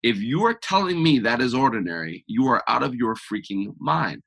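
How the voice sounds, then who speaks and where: A man guest on a podcast interview, talking in an energetic, emphatic, motivational way. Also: medium pitch, moderate pace, creaky, husky. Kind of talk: conversational interview.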